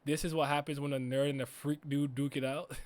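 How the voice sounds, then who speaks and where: A man giving a casual reaction commentary as a streamer, laughing and swearing with loud frustrated outbursts. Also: on the high side, little pitch movement, fairly quick. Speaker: streamer reacting to an anime episode.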